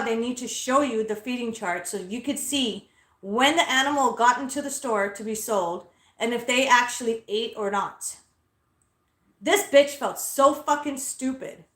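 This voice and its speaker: A woman's voice: a little high, fairly bright tone, reverberant. Blunt, foul-mouthed woman ranting. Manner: blunt, profane, indignant. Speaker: host. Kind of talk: casual storytelling rant. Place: inside a car.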